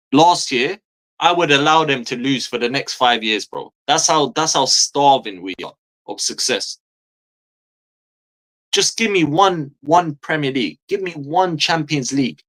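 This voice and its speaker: A man's voice: fairly high pitch, a bit bright. A man, delivering an exasperated, profanity-heavy fan rant as a football streamer, hammering his points home by repeating phrases. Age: 30s.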